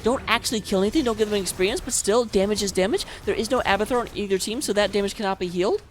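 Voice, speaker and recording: A woman's voice: mid-range voice, rapid-fire, a little hiss or hum. A woman casting a live online video game match, chatty and self-mocking, laughing easily between plays. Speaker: esports caster.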